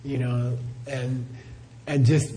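A man's voice: mid-range voice, flat delivery, slow pace, warm tone. A middle-aged man, a Buddhist teacher, answering questions in a live talk as a chatty storyteller who laughs often and says "you know" a lot.

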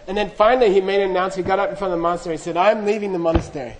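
A man with a fairly high voice tells a teaching story to a group, chatting casually. He keeps checking in with listeners through frequent asides and small laughs. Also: steady tone, racing, poor audio. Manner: chatty, full of "you know" asides, laughing. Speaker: dharma teacher. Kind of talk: storytelling talk.

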